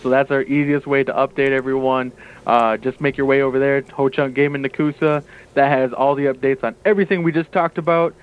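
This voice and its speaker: A man's voice: mid-range voice, steady tone, fairly quick, smooth. A man calling in as a guest to promote his workplace, upbeat and full of "uh" fillers, heard over the phone. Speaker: guest, casino staff member. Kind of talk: promotional radio interview by phone. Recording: tinny phone line.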